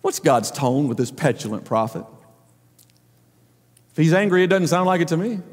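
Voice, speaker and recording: A man's voice: on the high side, expressive, normal speed. A man preaching a sermon as the pastor, emphatic and full of rhetorical questions. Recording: long reverb of a large hall.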